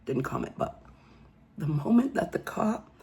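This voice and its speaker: Gravelly woman recapping true crime. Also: deep voice, sing-song, unhurried, warm tone. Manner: emphatic, incredulous storytelling with frequent "okay?". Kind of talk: casual true crime commentary.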